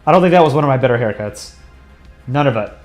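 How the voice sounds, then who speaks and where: Man, stream host, easygoing and rambling while he draws, mid pitch, roomy echo, soft music under him. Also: lively intonation, fast talker. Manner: rambling, offhand, chuckling, thinking aloud. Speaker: livestream host drawing. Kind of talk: casual livestream chat while drawing.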